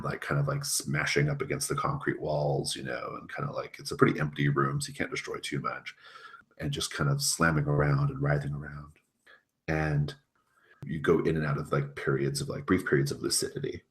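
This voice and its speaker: Very deep-voiced man running a game. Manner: casual, many filler words. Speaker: game master. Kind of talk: narrating a tabletop game.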